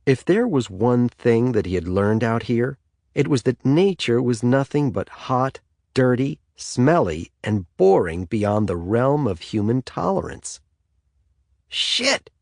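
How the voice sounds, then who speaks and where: A man narrating an audiobook in the third person with an expressive delivery. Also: medium pitch, measured pace, vocal fry, no room sound, studio quality.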